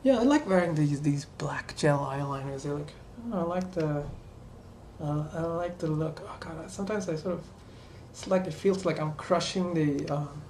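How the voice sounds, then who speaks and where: A woman's voice: sits low, moderate pace, warm tone, roomy sound, slight background noise. A woman chatting casually to camera while doing her makeup, rambling and talking to herself in asides. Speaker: vlogger. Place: small room at home.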